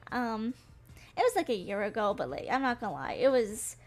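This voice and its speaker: A woman's voice: mid-range voice, big pitch swings, quick pace. A young woman from Western North Carolina, chatting casually on a livestream, rambling with lots of fillers and giggles. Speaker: vtuber streamer. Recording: faint music behind.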